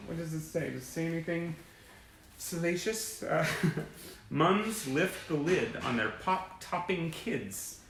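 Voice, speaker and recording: A man's voice: a little high, lively intonation, slow, fairly bright tone, roomy sound, slight background noise, rough recording. A man hosting a fan livestream, chatting enthusiastically and rambling as he reads old press clippings and greets viewers by name. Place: indoor room with sunlight through a window. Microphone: webcam or phone livestream.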